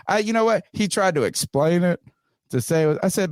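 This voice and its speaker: A man telling a wild story on a podcast, swearing freely and jumping into loud voices for himself and his friend. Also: high-pitched, brisk, no echo, studio quality. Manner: animated, swearing, acts out both sides in raised voice. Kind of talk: casual profane storytelling.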